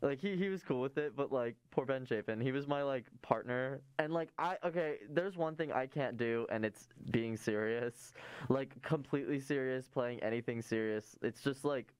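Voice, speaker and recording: A man's voice: mid-range voice, normal speed, clean tone, no echo. Jokey young man co-hosting. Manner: rambling, jokey, self-interrupting. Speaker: co-host. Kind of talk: casual chat. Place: campus studio.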